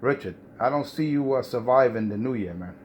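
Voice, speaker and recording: A man's voice: mid-range voice, animated, brisk, darkish tone, slight background noise. A man on a CB radio mocking and lecturing another operator, repeating "man" as he talks. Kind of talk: trash-talking radio banter.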